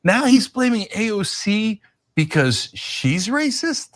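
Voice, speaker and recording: Animated sarcastic male co-host. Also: high voice, takes it slowly. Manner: animated, sarcastic, laughs while talking. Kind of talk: casual political commentary.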